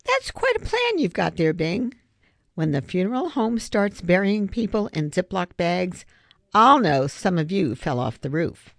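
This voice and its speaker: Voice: mid-range voice, very animated, unhurried, creaky, a bit bright, dry recording, clean studio sound, pitched above the performer's own voice, full character voice. An audiobook reader voicing a cheerful, mocking schoolboy bully with a big mouth. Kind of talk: audiobook character voice.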